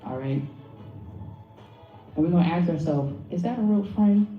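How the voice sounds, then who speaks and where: A woman giving a blunt, animated workshop talk to a live audience, swearing freely and speaking straight to the crowd. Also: lowish voice, moderate pace, soft background music. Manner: blunt, profane and animated, addresses the audience directly. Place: lecture room with an audience. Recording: phone-like audio from far in an echoey room.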